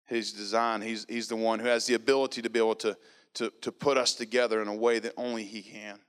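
Speaking briskly in a smooth, lowish voice, a thirtysomething man shares the story of his faith. His delivery is earnest and narrative, with animated quotes.

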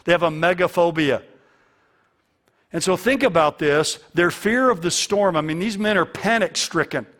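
A man's voice: sits high, moderate pace, fairly bright tone. A man preaching a sermon as a pastor, earnest and fond of repeating key lines for emphasis.

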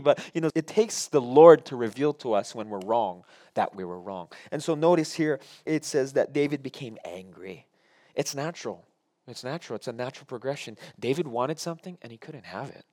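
A middle-aged man preaching a sermon as pastor, swinging between hushed asides and raised, slowed emphasis, and acting out quoted prayers in a low voice. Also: no room sound.

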